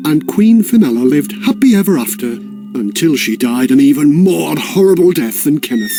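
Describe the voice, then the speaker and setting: A man's voice: fairly high pitch, animated, moderate pace, music in the background. A man narrating a children's history story in a playful, sing-song way.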